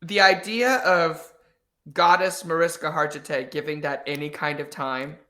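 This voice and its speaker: Guy guesting on a podcast, bright clear tone, jokey and kinda incredulous. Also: a little high, steady tone, moderate pace, slight background noise. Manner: joking, incredulous. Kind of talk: casual chat.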